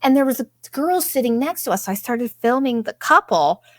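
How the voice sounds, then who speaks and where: A young woman hosting a podcast, telling a vacation story in a blunt, profane, animated way and acting out what people said. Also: on the high side, brisk, dry recording, clean studio sound. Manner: blunt and profane, animated retelling with quoted asides. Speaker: podcast host. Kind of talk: casual storytelling monologue.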